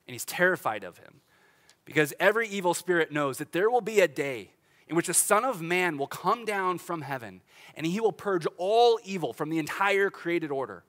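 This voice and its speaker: A middle-aged man, a pastor, preaching a sermon in a church in a casual, animated way, with laughs and restarts. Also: fairly high pitch. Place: church sanctuary.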